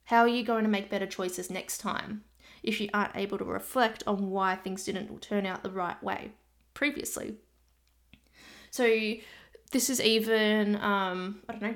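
A chatty woman hosting her own podcast as a nutrition coach, talking straight to her listeners in a relaxed, conversational way. She's from Australia and keeps breaking into quick asides that mimic her clients. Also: medium pitch. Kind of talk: casual solo podcast talk.

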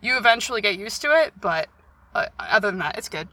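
A woman's voice: medium pitch, expressive, quick pace, bright, forceful tone. A young woman co-hosting a podcast in casual chat, blunt and jokey, swearing freely. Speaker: podcast co-host.

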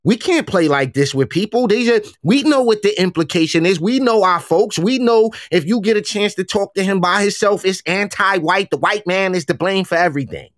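A slightly higher-pitched man talks in loose, slangy banter and pushes his voice up when he presses a point. The sound is dry and close to the mic. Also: moderate pace, few pauses, dry recording. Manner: animated, casual slang, rising emphasis. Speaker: co-host. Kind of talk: political commentary chat.

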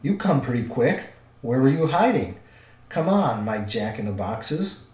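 A man voicing a gruff, blunt, impatient big man who growls his words, in a roomy recording. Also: mid-range voice, big pitch swings, measured pace, a little mellow. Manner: growling, curt. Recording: roomy echo.

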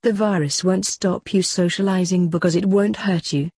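A woman's voice: lowish voice, steady tone, normal speed, a little mellow, slightly rough, no room sound, studio quality. A woman voicing a grumpy, ancient male doctor who grumbles wearily. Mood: grumbling. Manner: grumbling and weary.

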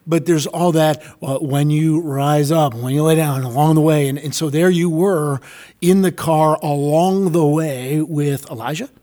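Guy hosting a faith talk, a bit higher voice, thoughtful and affirming. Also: unhurried, dark tone. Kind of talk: conversational faith discussion.

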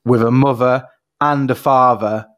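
A man hosting a casual interview, his questions rambling and restarting as he goes. His voice sits in an ordinary middle pitch. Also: fairly even intonation, unhurried, a bit bright. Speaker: podcast host.

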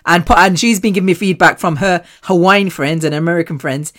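A British woman hosts a solo podcast and talks straight to her listeners. Her voice sits on the low side for a woman. She rambles candidly, mocks herself and swears in passing. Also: a little fast, a bit bright. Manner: chatty, rambling and self-mocking, swears casually. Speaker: podcast host.

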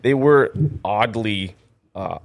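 A man's voice: lowish voice, takes it slowly, vocal fry, slight background noise. A young man from North Dakota, a stand-up comedian, telling rambling stories full of "like" in a casual radio studio interview. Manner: rambling storyteller, heavy on "like".

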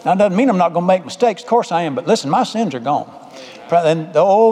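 A pastor preaches in a folksy, conversational manner, circling back to repeat his phrases. His voice sits high for a man but has a soft, mellow color. The sound carries a long reverb from the church hall. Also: very animated, fast talker. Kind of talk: sermon.

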